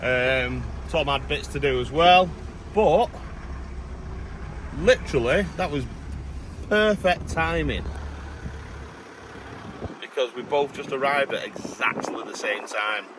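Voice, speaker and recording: A man chatting casually to camera while clearing land outdoors. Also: mid-range voice, animated, slow pace, pauses often. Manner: chatty, jokey, talks to camera while working. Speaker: vlogger. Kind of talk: casual outdoor vlog chat. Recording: noisy outdoor background.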